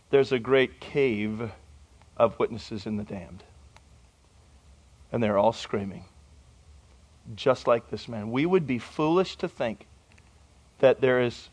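Male pastor with a high voice, fervent sermon delivery that builds in intensity. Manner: impassioned preaching, climbing in pitch and volume.

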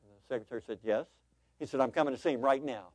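Preaching to his flock, this pastor narrates a tale with animated voices before shifting to a sincere appeal to the congregation. He speaks at a racing clip in a mid-range voice, captured dry.

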